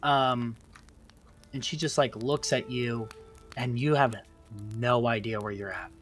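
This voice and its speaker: A man's voice: medium pitch, unhurried, faint music behind. A man narrating as game master of a tabletop role-playing game, rambling with many fillers.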